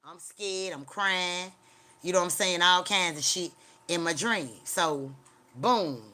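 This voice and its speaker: A woman's voice: on the low side, takes it slowly, sharp tone. A woman hosting a livestream, telling a long story in a rambling, profane way, padding it with filler sounds and talking straight to her viewers. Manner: chats directly to her viewers. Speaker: livestream host.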